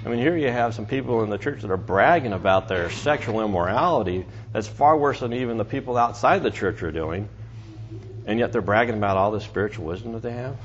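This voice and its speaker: Low-voiced man teaching scripture. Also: expressive, fairly quick. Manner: conversational, with restarts and asides. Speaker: preacher. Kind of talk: Bible teaching. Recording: dull lo-fi recording with faint noise.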